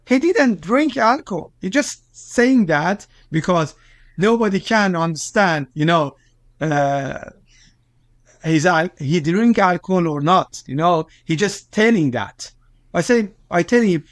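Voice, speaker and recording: High-voiced man with an Iranian accent. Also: expressive, dry recording. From Iran. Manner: halting non-native English with many fillers and restarts, agitated when quoting. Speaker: journalist, interview guest. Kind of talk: recounting events in an interview.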